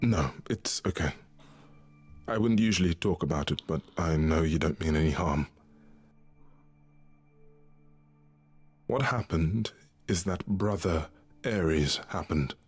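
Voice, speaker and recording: A husky, grieving love god. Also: male voice, low voice, soft background music. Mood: somber. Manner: heartfelt, halting confessional. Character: grieving young male god of love, weary. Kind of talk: video game voice acting.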